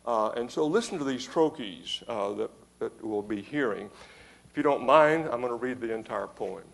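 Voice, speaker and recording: A man giving a conference lecture on poetry, measured and emphatic, reading verse aloud with marked rhythm. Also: medium pitch, animated, creaky. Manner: measured, emphatic, stresses rhythm and tapping out meter. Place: lecture hall.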